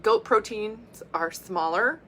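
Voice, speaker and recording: A woman giving a casual health talk as a coach, chatty and quick to laugh, explaining things with lists and asides. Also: mid-range voice, fairly bright tone, slight background noise.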